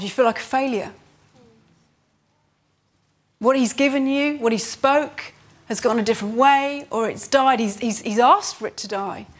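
A woman preaching a sermon, earnest, rising in pitch on emphasis and slowing down to read scripture.

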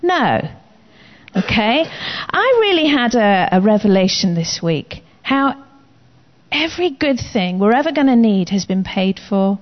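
Woman preacher, emphatic and commanding, high and lively pitch. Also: a little slow. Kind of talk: sermon. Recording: slightly dull lo-fi recording.

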